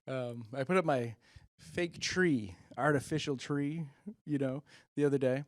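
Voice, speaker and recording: A man's voice: medium pitch, unhurried, dry recording, studio quality. A middle-aged man hosting a stand-up comedy monologue, rambling with self-deprecating, muttered asides. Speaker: comedian host.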